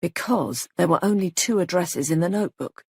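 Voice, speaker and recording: A woman's voice: lowish voice, expressive, moderate pace, darkish tone, breathy edge, no echo, studio quality. A woman voicing a grave male police sergeant who questions people in a clipped, insistent way. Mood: stern.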